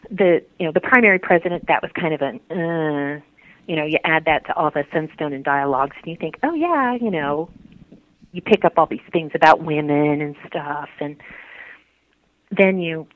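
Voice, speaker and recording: A woman recalls a painful time in her faith life, earnest and halting. She restarts her sentences often, and her voice comes through a tinny, dry phone line. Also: sits low, steady tone, dry recording. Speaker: interviewee. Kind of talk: personal faith interview.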